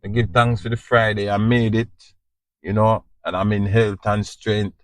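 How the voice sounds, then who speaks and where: A man's voice: fairly low pitch, little pitch movement, measured pace, no echo. A man with a Jamaican accent hosting a podcast, giving an informal spiritual talk in a preachy, repetitive way and often asking if you understand. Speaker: podcast host.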